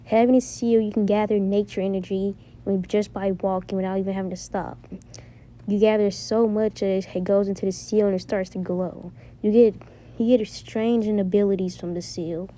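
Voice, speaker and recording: Woman storyteller, improvised and rambling, mellow flat voice, faint noise under it. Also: medium pitch, normal speed. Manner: rambling, with frequent restarts. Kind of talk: improvised fan-fiction storytelling.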